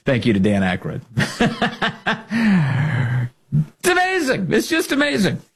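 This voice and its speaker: A man's voice: wildly swooping pitch, slow pace, slightly rough. A man hosting a political talk show, speaking in a sarcastic, opinionated way and often mocking his opponents. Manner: sarcastic, mocks opponents in high put-on voices.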